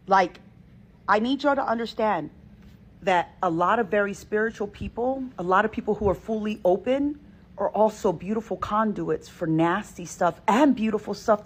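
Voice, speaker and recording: A woman with a breathy, husky voice tells a spooky personal story straight to her viewers. She is emphatic and expressive and circles back to her points. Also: mid-range voice. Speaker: host of a reaction channel. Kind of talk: animated storytime talk to viewers.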